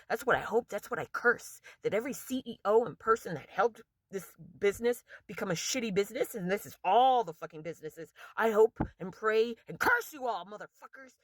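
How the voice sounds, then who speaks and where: A woman's voice: fairly low pitch, no room sound. A woman vlogger delivering an angry, profane rant straight to camera in a casual monologue.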